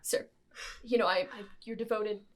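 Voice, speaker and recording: A woman's voice: mid-range voice, fairly even intonation, normal speed, lightly acted. A woman voicing a devoted male clerk who talks in a flustered, formal and deferential way. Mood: fussy.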